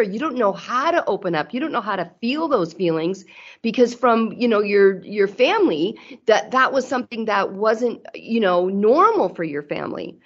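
A woman's voice: on the high side, husky, muffled recording. A woman in casual conversation about marriage, chatty and acting out remembered dialogue with her husband. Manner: chatty, acts out quoted dialogue.

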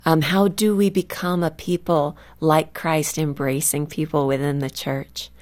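A woman from California, a guest author speaking earnestly and reflectively in a faith radio interview, slowing down to stress key words. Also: low voice, steady tone, a little mellow. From California, USA.

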